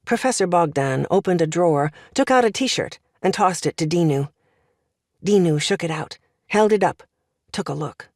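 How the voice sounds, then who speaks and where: Woman reading an audiobook, low voice, lots of pitch movement, dry studio sound. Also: expressive, normal speed, a little mellow, no room sound. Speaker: audiobook narrator. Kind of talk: scripted narration.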